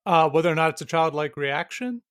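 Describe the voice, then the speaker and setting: A man co-hosting a casual film podcast, often pausing on filler words and restarting his sentences. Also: a little high, lively intonation, fairly bright tone, smooth, dry recording, clean studio sound. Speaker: podcast co-host.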